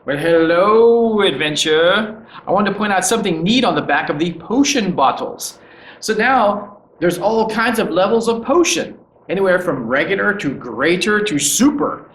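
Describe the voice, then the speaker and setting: Guy putting on a chirpy magic shop keeper, high voice bouncing all over, pitching his wares, echoey room. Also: animated, moderate pace, a bit bright. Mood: welcoming. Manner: welcoming salesman patter. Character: cheery male shopkeeper of a magic shop.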